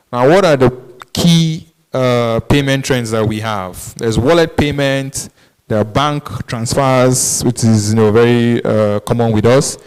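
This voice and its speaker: Male presenter, mid-pitched and smooth, talks a business audience through his points. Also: darkish tone, rough recording. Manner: explanatory, frequent "um" and "right?" tags. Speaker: e-commerce speaker at business masterclass. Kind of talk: conference presentation.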